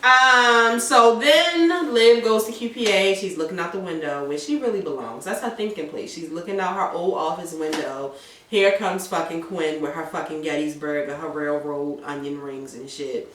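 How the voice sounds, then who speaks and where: A woman's voice: low-pitched, normal speed, bright, forceful tone, reverberant, recorded from a distance, a little hiss or hum. A woman casually recapping a TV episode with a co-host. She swears freely and acts out the characters' lines. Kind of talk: casual profane chat.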